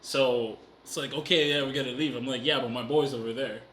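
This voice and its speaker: A laid-back man with a bright, clear voice chuckles along and adds his own side of the story. His voice sits in an echoey room with a faint hiss of noise behind it. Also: mid-range voice, steady tone, brisk. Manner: laid-back, chuckling, short agreeing replies. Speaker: podcast co-host. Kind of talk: casual chat. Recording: roomy echo with faint background noise.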